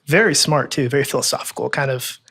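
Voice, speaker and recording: A man's voice: mid-range voice, quick pace, sharp tone, breathy edge. A man in his twenties, a guest in an in-person interview, chatty, easygoing and self-deprecating. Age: 20s. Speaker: interview guest, research analyst and columnist. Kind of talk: casual interview chat. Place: in-person recording at a table in a room.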